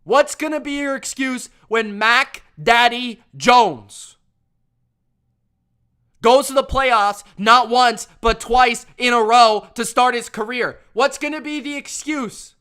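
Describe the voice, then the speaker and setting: The sports review host here has an extremely high, smooth voice, bright and forceful, and he talks slowly. His casual rant is emphatic and repetitive, with frequent use of "bro" for the viewers.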